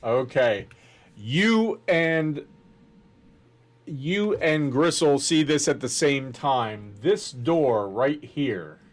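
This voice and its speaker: Slow, deliberate game master man. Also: medium pitch, lively intonation. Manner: deliberate, descriptive. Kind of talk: narrating a tabletop game.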